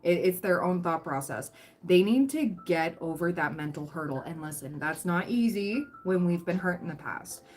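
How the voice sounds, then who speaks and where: A woman's voice: on the low side, animated, normal speed, a little mellow, faint music behind. A woman giving a chatty, reassuring tarot reading on a livestream, full of fillers and restarts, her throat dry and catching. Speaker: tarot reader.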